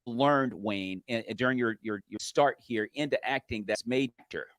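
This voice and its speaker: A man's voice: medium pitch, normal speed, a bit bright, no echo. A man hosting an interview show, asking encouraging, complimentary questions. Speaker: host. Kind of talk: casual interview chat.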